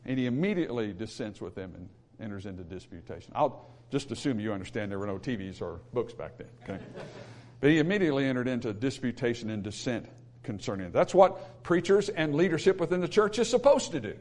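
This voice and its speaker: A man's voice: mid-range voice, big pitch swings, quick pace, a little mellow. A male pastor preaching a sermon in an emphatic, repetitive way, with humorous asides.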